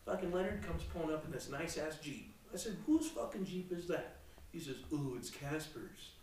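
A young man telling crude stories on a casual podcast, profane and brash, breaking into loud laughing bursts. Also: a little high, animated, normal speed, distant mic, a little hiss or hum. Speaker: podcast co-host. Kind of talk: casual crude storytelling chat. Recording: echoey room, mic set back.

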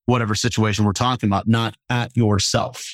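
A man who is a stand-up comedian, telling stories in a casual conversation. He talks in an animated way, laughing and acting out the voices of the people he quotes. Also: fairly low pitch, fairly quick, no room sound.

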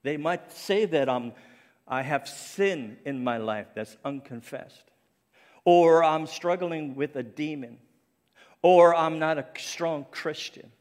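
A middle-aged man from Cape Breton Island, Canada, preaches an earnest, personal sermon in a fairly high voice at a slow pace. A stroke has left his speech faintly French-sounding, and he restarts a few times. He is a ministry speaker in a church sanctuary, and the recording carries the long reverb of a large church.

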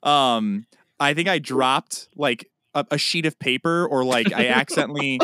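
Smooth-voiced man telling animated stories. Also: mid-range voice, normal speed, dry recording, studio quality. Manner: animated storytelling with loud acted-out outbursts. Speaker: podcast co-host. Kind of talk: casual chat.

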